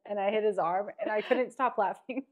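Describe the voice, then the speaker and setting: A woman in her thirties in casual podcast chat, lively, quick to chime in and laugh. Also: medium pitch, highs cut off. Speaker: podcast co-host, married to a host.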